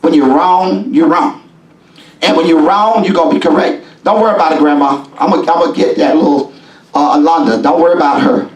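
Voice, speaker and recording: A man preaching a sermon as bishop in a church, folksy and call-and-response, rising now and then into shouts. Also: on the high side, brisk. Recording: echoey church from a distance.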